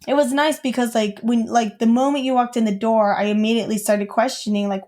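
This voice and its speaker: A woman's voice: on the high side, flat delivery, brisk, hardly any pauses, a little mellow. A young woman co-hosting a podcast, telling a childhood story in casual chat with lots of fillers. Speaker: podcast co-host.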